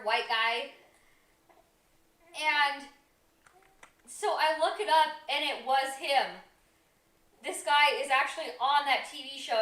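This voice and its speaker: A woman's voice: sits high, bright, forceful tone. A young woman on a home livestream, telling a rambling story with many ums and reading out chat comments. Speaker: co-host of a livestream. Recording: echoey room.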